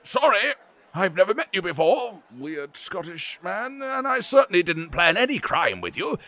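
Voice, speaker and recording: Give me a vain, flustered duke, as a man puts him on, swinging wildly up and down in pitch. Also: big pitch swings, moderate pace, bright, forceful tone, exaggerated voice. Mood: dismissive. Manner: fussy, flustered, dismissive. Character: vain, cowardly English duke, fussy and shifty.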